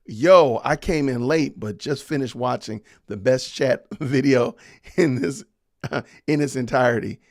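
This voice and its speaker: A man's voice: mid-range voice, measured pace, darkish tone, no echo, studio quality, faint music behind. A man hosting a podcast livestream, chatting casually and reading viewer comments aloud with frequent laughs. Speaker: podcast host.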